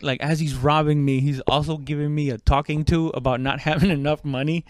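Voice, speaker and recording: He speaks briskly in a level tone on the high side, telling a story in a loose, rambling way with frequent fillers and restarts. Swearing comes freely, and he loudly acts out quoted speech. The sound is dry, clean studio audio.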